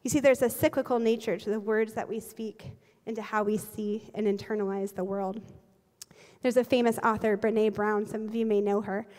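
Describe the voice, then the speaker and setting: A woman in her forties, a pastor, preaching a sermon with lively, humorous storytelling and quick laughs. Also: mid-range voice. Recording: long reverb of a large hall.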